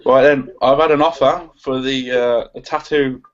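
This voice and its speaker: A man's voice: mid-range voice, steady tone, moderate pace. A man with a West Midlands accent, reading out viewer questions in a casual live chat with a joking, cheeky manner. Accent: West Midlands English. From West Midlands, England. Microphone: video call. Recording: dull lo-fi online call audio.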